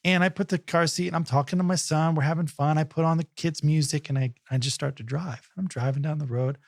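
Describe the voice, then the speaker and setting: A man co-hosting a podcast, telling a lively personal story and acting out the voices in it. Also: fairly high pitch, fast, dry recording, studio quality. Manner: animated storyteller, acts out quotes. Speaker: podcast co-host. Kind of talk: casual podcast chat.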